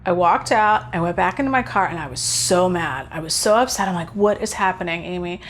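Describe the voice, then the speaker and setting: A woman's voice: on the low side, expressive, brisk. A woman hosting a spiritual video talk, speaking earnestly and casually as she tells a personal story and thinks aloud. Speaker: host.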